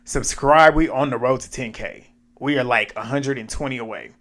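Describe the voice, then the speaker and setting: A man recapping a reality show episode in casual, animated, profane talk, laughing and acting out his own reactions. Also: medium pitch, normal speed.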